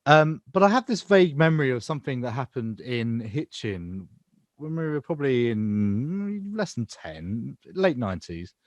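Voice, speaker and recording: A man's voice: mid-range voice, moderate pace, no room sound, muffled recording. A man in his thirties from England, co-hosting a casual podcast and telling a spooky local story. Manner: animated, tells a spooky tale in a storytelling voice. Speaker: podcast co-host.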